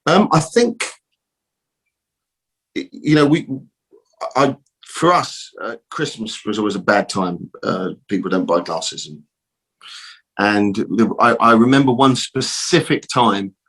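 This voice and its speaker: A middle-aged man with a low, husky voice tells a story in a loose, rambling way. He repeats himself and drops in mild swearing as he goes. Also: lively intonation, slow, pauses often, a bit bright. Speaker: guest, optical shop owner. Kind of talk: casual storytelling interview.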